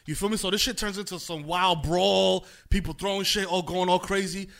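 Fast, high slangy Philly guy. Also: fairly even intonation, gravelly, a bit bright. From Philadelphia. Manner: slangy, keeps asking "you know what I'm saying". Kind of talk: casual storytelling among friends.

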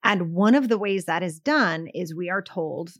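A woman's voice: on the low side, expressive, moderate pace, a bit bright, dry recording, studio quality. A middle-aged woman on a podcast, talking emphatically and telling stories with acted-out quotes. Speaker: podcast guest, sales coach. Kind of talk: podcast conversation.

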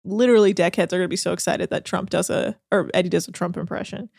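A woman co-hosting a podcast, recapping a reality show in an animated, sarcastic way, laughing and swearing often. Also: fairly low pitch, fast, creaky, dry recording, clean studio sound. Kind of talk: casual chat.

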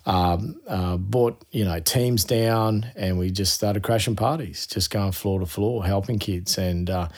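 An Australian man with a fairly low voice tells animated stories in a relaxed interview. He talks as a youth worker, full of casual slang. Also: measured pace, hardly any pauses. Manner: animated, laughing anecdotes with slang.

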